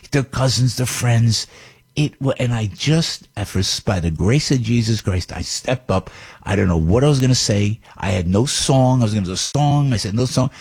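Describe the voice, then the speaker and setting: Gravelly older New radio man. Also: lowish voice. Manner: rambling, animated storytelling with many restarts. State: under the weather. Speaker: radio host. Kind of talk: radio monologue storytelling.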